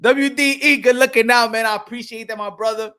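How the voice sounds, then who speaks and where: On a boxing channel's livestream, a man hosts with excited, casual talk, trash-talking and laughing. His voice is very high-pitched, clear, and resonant, and he speaks briskly.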